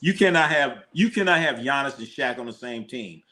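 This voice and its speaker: A man hosting a live sports watch party, talking loosely and animatedly, quick to laugh and swear as he reacts to the game. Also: mid-range voice, lively intonation, bright, forceful tone. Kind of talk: casual live sports commentary.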